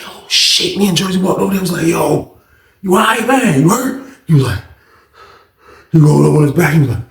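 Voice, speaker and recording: A man spins a casual storytime with lively swings in pitch, his voice gravelly and rough at the edges. He slips into the voices of the people in his tale and talks in loose slang. The sound carries a roomy echo. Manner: animated, slangy storytelling with acted-out quotes.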